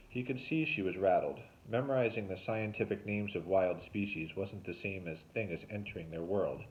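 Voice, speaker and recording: A man, a teacher, reading a novel aloud with expressive storytelling. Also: brisk, hardly any pauses. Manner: expressive storytelling with lively pitch. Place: home, remote recording. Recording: tinny phone-like sound.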